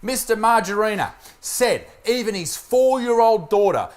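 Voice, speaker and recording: A man's voice: sits high, animated, measured pace. Sarcastic Australian man ranting for comedy. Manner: sarcastic, profane, mock-patriotic. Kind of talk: satirical comedy rant.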